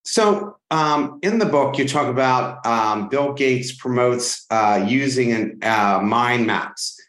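A man's voice: medium pitch, slow pace, fairly bright tone. A man hosting an interview, giving short reactions and asking questions with hesitant fillers. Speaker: podcast host. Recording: echoey room.

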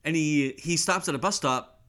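A man's voice: on the high side, moderate pace, fairly bright tone. A man co-hosting a casual chat about a film, making dry offhand jokes. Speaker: podcast co-host.

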